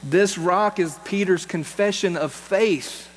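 A man's voice: sits high, takes it slowly. A man, a pastor, preaching a sermon in an earnest way, repeating key phrases for emphasis. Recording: long hall reverb with faint mains hum.

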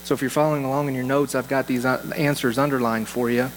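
A man's voice: medium pitch, little pitch movement, fast talker. A man, a pastor, preaching a sermon in an earnest way, repeating key phrases for emphasis. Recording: long hall reverb with faint mains hum.

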